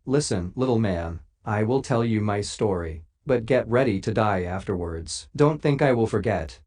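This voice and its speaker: A man's voice: on the low side, animated, normal speed, darkish tone. A man voicing a huge, boastful, furious male genie who roars his threats in a storybook reading. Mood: menacing. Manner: roaring, threatening.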